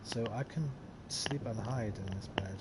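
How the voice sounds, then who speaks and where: Guy chatting thru a game livestream, mid pitch, rambly, noisy background hiss. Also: normal speed. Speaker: game streamer. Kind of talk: casual live-stream commentary.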